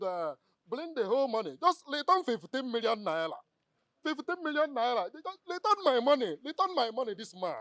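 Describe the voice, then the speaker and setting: An actor playing a boastful rich man with a Nigerian accent, loud and scolding about his money. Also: very high-pitched, dry recording, exaggerated voice.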